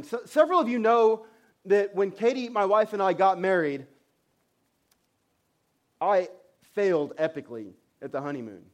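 High-voiced man telling a lively sermon story. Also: normal speed, pauses often. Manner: animated, self-mocking storyteller with frequent restarts.

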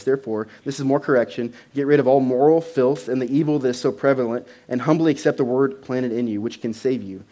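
A man preaching a sermon to a congregation, conversational, with loud emphatic bursts and frequent repeated words. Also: mid-range voice, a little fast, few pauses. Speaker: pastor.

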